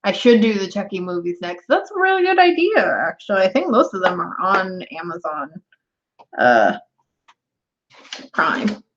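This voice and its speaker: In dull, lo-fi audio, a young woman addresses her live stream chat directly, laughing frequently. Her voice has a fairly bright tone and big pitch swings, and she speaks a little slowly with long pauses.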